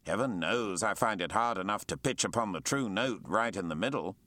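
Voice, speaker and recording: A man's voice: fairly low pitch, expressive, fairly quick, pushed and bright, no echo. A man voicing a genial male naval captain with hearty, old-fashioned courtesy.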